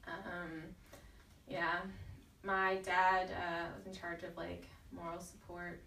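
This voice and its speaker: Young woman doing halting stand-up. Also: on the low side, fairly even intonation, fairly bright tone. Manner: halting, casual delivery with fillers. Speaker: stand-up comedian. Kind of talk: stand-up set. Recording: roomy, distant, faint noise.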